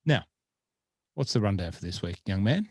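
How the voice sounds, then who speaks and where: Male podcast host, lowish voice, dry close sound, rambling friendly chat. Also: expressive, normal speed, slightly rough, no room sound. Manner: chatty, rambling, lots of fillers. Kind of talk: casual chat.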